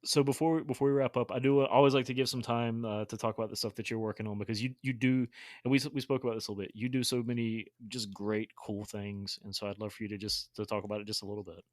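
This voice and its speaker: Fast-talking male podcast host, lowish voice. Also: flat delivery, dry recording, clean studio sound. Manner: earnest, stumbling over repeated words. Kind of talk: podcast interview.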